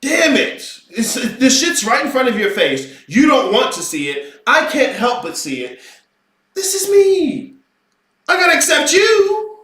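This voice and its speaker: A man's voice: very high-pitched, wildly swooping pitch, unhurried, sharp tone. A man giving an unscripted, ranting lecture as an occult teacher, profane and mocking in tone. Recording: roomy echo, voice far from mic.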